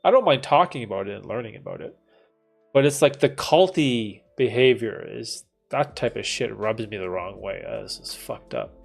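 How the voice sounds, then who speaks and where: A man's voice: fairly low pitch, lively intonation, moderate pace, creaky, soft background music. Casual swearing man chatting on stream. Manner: casual, swears, says dude and bro. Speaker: livestream host answering chat. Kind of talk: casual livestream chat.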